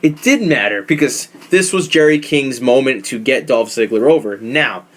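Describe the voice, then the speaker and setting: A man hosting a casual podcast, talking in a profane, animated, opinionated way. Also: mid-range voice, normal speed. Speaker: podcast host. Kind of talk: casual wrestling podcast chat.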